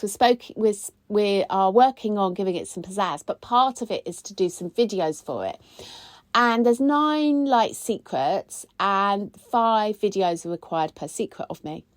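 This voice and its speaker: A woman, hosting a casual weekly chat. She talks in a chatty, expressive way, and her pitch jumps high when she gets excited. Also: dry recording. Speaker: podcast host, spiritual coach.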